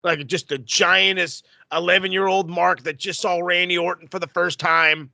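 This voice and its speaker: A man co-hosting a wrestling podcast in casual, profane chat, with animated rants. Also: high voice, normal speed, creaky, hardly any pauses, no room sound. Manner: animated, profane, loud mocking impressions. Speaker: podcast co-host.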